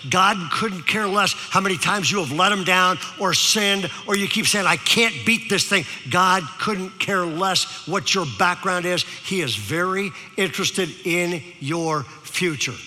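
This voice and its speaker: Bright-voiced pastor in a reverberant hall. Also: male voice, high voice, measured pace, hardly any pauses, soft background music. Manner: storytelling with repeated "okay?" to the audience. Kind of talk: sermon.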